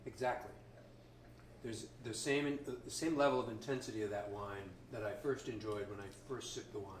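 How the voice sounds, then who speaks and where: A man's voice: fairly low pitch, fairly quick, echoey room. Man, winery founder, casual tasting talk, thoughtful, distant mic, faint background noise. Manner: thoughtful, explains food and wine pairing. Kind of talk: casual wine tasting chat. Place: wine cellar.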